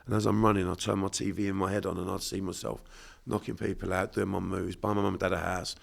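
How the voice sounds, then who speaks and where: A man's voice: low-pitched, level tone, quick pace, vocal fry. A man from South London with a South London accent, a guest on a casual podcast interview, talking in a blunt, sweary, emphatic way. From Bermondsey, London. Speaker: podcast guest, unconscious mind therapist.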